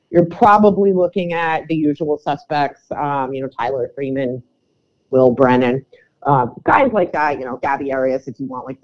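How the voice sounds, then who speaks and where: Woman co-host, low-ish animated voice, casual sports chat, muffled lo-fi sound. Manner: chatty, laughs often, trails off mid-sentence. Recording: dull lo-fi audio.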